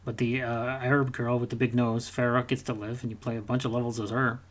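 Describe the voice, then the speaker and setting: A man's voice: medium pitch, little pitch movement, quick pace. Male podcast co-host, casual and profane, rambling gaming rant with mock character asides, mid-range voice.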